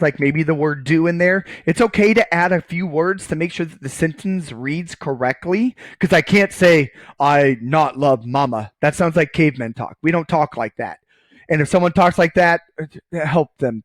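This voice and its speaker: A man's voice: a little high, moderate pace, dry recording. A man giving a recorded math lecture, casual and joking, often checking in with "okay" while writing on screen. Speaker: college math professor.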